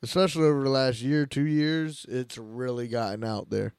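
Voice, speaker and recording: A man's voice: medium pitch, normal speed, a little mellow, smooth, no echo, studio quality. A man co-hosting a podcast in casual chat, laughing easily and giving short replies. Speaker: podcast co-host.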